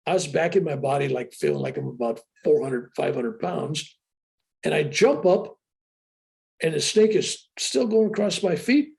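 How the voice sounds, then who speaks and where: An older man telling a story with animated excitement as an interview guest on a video call. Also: a little high, normal speed, gravelly. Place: room with a sheetrock wall.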